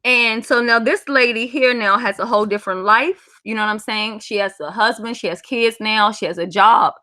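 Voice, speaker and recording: A woman's voice: on the high side, normal speed, sharp tone, no echo. A woman hosting a livestream, chatting casually and bluntly with frequent swearing. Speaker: livestream host.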